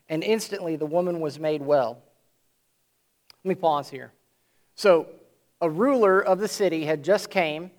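A high-pitched man preaches an earnest sermon, reading scripture passages and then explaining them. He slows down and swells his voice for emphasis, drawing out key words and raising his pitch to drive them home.

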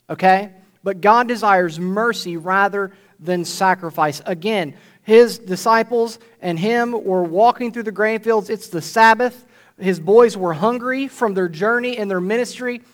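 Speaking in a high, slightly bright voice, a male pastor gives a sermon before his congregation at church, keeping it conversational and frequently asking "right?" to check in.

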